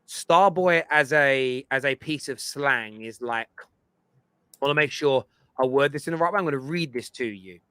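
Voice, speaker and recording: A man's voice: mid-range voice, moderate pace, clean tone, no room sound. A man hosting a football fan show, explaining his points emphatically and at length in casual chat. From England. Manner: emphatic, lecturing, animated.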